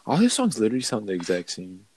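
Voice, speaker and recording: A man's voice: lowish voice, wildly swooping pitch, fast talker, darkish tone, a little hiss or hum, rough recording. A young man in a casual podcast chat, blunt with dry teasing.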